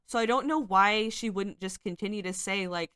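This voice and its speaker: Clear and resonant, with a fairly bright tone, medium pitch, and moderate pace, this woman's voice comes through in clean studio sound without echo. She hosts a commentary channel and rambles through screenshots, hedging heavily with fillers while sounding critical and exasperated.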